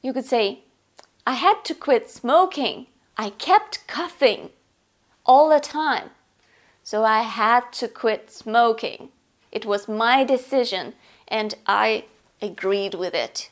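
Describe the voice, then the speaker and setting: A woman explains English grammar in a slow, deliberate, carefully paced delivery. Her voice sits a little high, and she lays out each example patiently for learners. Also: expressive. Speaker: English teacher.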